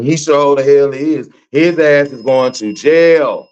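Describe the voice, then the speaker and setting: A middle-aged Texan man hosts a live stream, ranting animatedly and profanely at his audience in a preachy way, repeating himself for emphasis. His voice is a little high and clean-toned, and he takes it slowly, though the highs are cut off.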